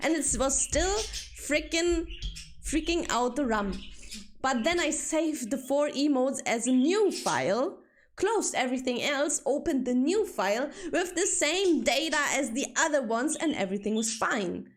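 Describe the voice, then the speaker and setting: A woman's voice: high-pitched, animated, a little slow. A young woman with a German accent chatting casually on a livestream, rambling and swearing when annoyed. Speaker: streamer.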